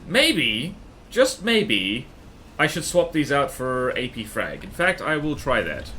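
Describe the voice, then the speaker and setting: A man's voice: medium pitch, big pitch swings, slow, bright, forceful tone, a little hiss or hum. A man streaming a game, chatting casually and thinking aloud while he plays. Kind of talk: casual gaming stream chat.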